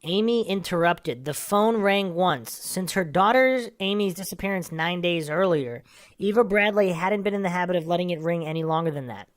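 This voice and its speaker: A woman's voice: lowish voice, normal speed. A woman hosting a true crime podcast, casually talking through a case and reading a magazine article aloud with brief asides. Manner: casual, with asides between read passages. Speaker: podcast host.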